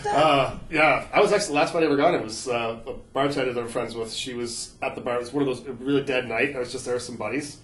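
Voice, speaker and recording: A man's voice: medium pitch, fast, few pauses, a bit bright, reverberant. A man telling profane stories as a podcast guest, laughing often as he talks. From Canada. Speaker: podcast guest, former fighter and prison guard. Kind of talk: casual storytelling.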